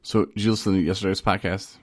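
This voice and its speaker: A man's voice: deep voice, fairly even intonation, fast, no echo, clean studio sound. A man co-hosting a casual podcast about recovery, joking and rambling, often cutting himself off mid-thought. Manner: joking, rambling, self-interrupting. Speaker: podcast co-host.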